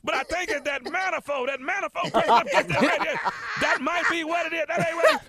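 A man's voice: very high voice, lively intonation, a little fast, over a noisy crowd. A man voicing a jive-talking, boastful backyard mechanic father who rambles and hollers in comedy improv. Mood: hollering. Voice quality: loud, rambling, jive slang. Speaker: radio show regular.

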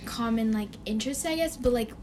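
A woman's voice: on the high side, fairly quick, darkish tone, a little hiss or hum. A teenage girl co-hosting a podcast, bubbly and chatty, scattering "like" through her speech. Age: teens. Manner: bubbly, chatty, many "like" fillers. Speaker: podcast co-host. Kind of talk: casual chat.

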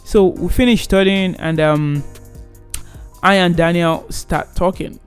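A young man in his twenties casually telling a personal story, animated and rambling with many restarts. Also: sits high, slow, clear, resonant tone, soft background music.

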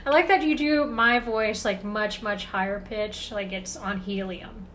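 A young woman guest on a podcast, talking in a relaxed, rambling way, full of fillers. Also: medium pitch, a little slow, a little hiss or hum. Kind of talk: casual podcast chat.

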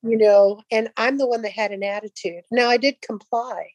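A woman's voice: a little high, steady tone, normal speed, dry recording, poor audio. An older woman casually telling a personal faith story, rambling with restarts and acting out the dialogue. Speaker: guest sharing a testimony.

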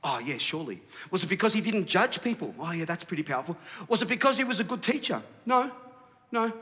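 Male pastor, fiery sermon delivery, bright and forceful. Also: high voice, fast, big-room sound. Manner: animated, rising to shouts.

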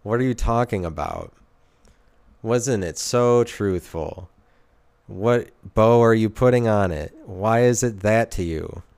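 Low, smooth-voiced rambling man. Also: very animated, moderate pace, few pauses, darkish tone, no room sound. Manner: self-interrupting, sardonic, restarts sentences. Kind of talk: rambling solo monologue.

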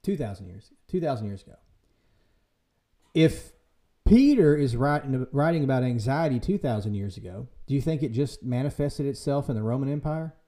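A man hosting a casual church podcast, talking in a lively way and acting out quoted voices for humor. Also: medium pitch, moderate pace. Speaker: podcast host and church leader. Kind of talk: casual faith discussion.

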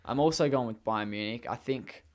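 A young Australian man hosting a casual football tipping chat, relaxed and quick to laugh. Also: medium pitch. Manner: relaxed, leads the segments, laughs easily. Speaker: podcast host.

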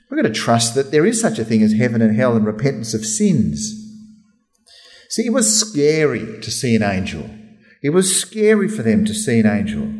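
A man's voice: mid-range voice, a little mellow. A man preaching a sermon, telling the story vividly and acting out the voices of the people in it. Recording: hall reverb.

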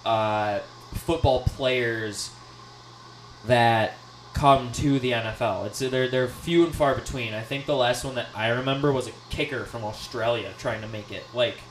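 A young man from Chicago co-hosting a podcast, rambling and excitable in a casual sports chat. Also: medium pitch, a little slow, slight background noise, poor audio. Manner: rambling, excitable, swears, laughs often. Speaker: podcast co-host.

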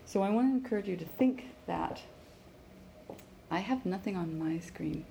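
Pronunciation coach, woman from Canada, mellow voice, drills stressed words in a roomy space with faint hiss. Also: mid-range voice, lively intonation, normal speed, vocal fry. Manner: stresses words and repeats phrases for students to echo. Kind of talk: live online pronunciation lesson.

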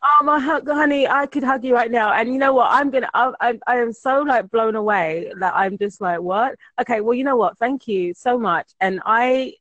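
A woman with a higher voice hosts a podcast over a remote call. She is effusive and chatty, gushing as she talks. Her voice sounds dry and close. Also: normal speed, few pauses, a bit bright, no room sound, lo-fi sound. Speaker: podcast host. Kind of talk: casual interview conversation.

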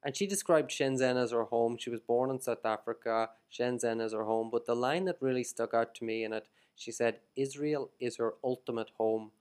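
An Irish man hosting a casual podcast, talking in an animated way and reading passages aloud with emphasis. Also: mid-range voice, normal speed, few pauses, smooth. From Ireland. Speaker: podcast host.

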